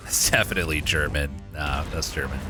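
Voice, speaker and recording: A man's voice: very deep voice, brisk, over music. A man streaming a game live, thinking aloud with casual swearing and frequent laughs. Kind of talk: live gameplay commentary.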